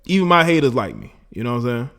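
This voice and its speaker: A man's voice: mid-range voice, big pitch swings, fast talker, vocal fry, a bit bright. A man hosting a casual call-in livestream, boastful and laughing as he talks to his chat and callers. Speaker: livestream host taking call-ins.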